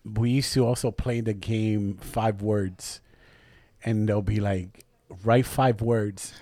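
A man's voice: lowish voice, steady tone, takes it slowly, dark tone, no room sound. A man from Rico, co-hosting a podcast with crude, joking banter and bits of Spanish. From Puerto Rico. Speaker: podcast co-host. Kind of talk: casual chat. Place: podcast studio.

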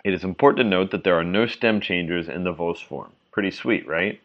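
A man with a very low voice reads a language lesson from a script, steady and measured. He slows down over each example word so it comes through clearly. The recording sounds a little dull and lo-fi. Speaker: reader of a language article. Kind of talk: scripted reading of an article.

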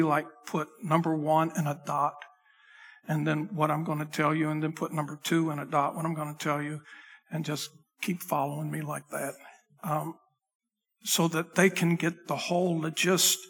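A man with a slightly high, husky voice preaches from the pulpit into a microphone. His talk is loose and conversational, full of restarts and asides to the crew at the back. The sound carries a long reverb from the sanctuary. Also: a bit bright. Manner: loose, chatty delivery with frequent restarts and asides to the tech crew. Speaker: pastor. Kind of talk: conversational sermon. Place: church sanctuary.

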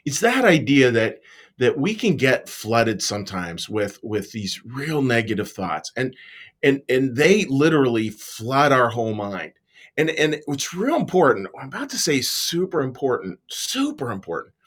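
A man giving a relaxed, conversational devotional talk, earnest and often repeating his words as he goes. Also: medium pitch, unhurried, breathy edge. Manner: earnest, repeats words, self-deprecating asides.

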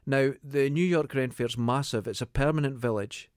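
A Scottish man chatting casually on a podcast, telling stories in a sweary, halting way with fillers. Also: medium pitch, smooth, no echo, studio quality. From Scotland. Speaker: podcast co-host. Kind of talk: casual chat.

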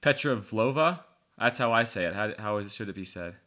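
A man's voice: lowish voice, steady tone, fast, pushed and bright. A man hosting a casual interview, asking a guest how to pronounce a list of names. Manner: curious, checks each name. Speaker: host.

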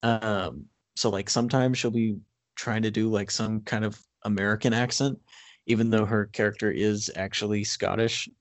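A man co-hosts a casual film chat in a lowish voice, recorded dry and close. He speaks in a measured way, filling pauses with "um" and "like". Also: fairly even intonation, dry recording. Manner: frequent "um" and "like", measured. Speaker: podcast co-host.

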